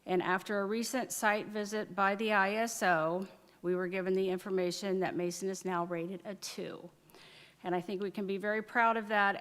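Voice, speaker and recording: A woman council member giving a committee report at a city council meeting, reading from notes with frequent fillers. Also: mid-range voice. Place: council chamber. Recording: reverberant council chamber.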